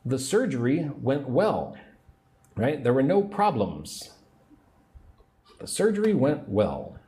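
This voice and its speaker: A man teaching English on a livestream, speaking slowly and patiently and repeating phrases for learners. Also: mid-range voice, sing-song, warm tone. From United States.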